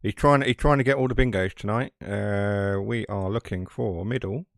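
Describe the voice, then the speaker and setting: With a lowish, gravelly voice at normal speed, a man from South West England gives casual live commentary on a train game he's streaming. He has a West Country accent, rambles along, and occasionally pokes fun at himself. No room sound.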